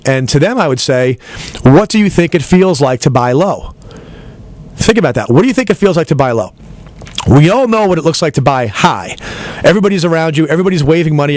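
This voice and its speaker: A man's voice: fairly high pitch, a little mellow. A man hosting a talk radio show, delivering an emphatic, persuasive monologue. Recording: radio broadcast studio.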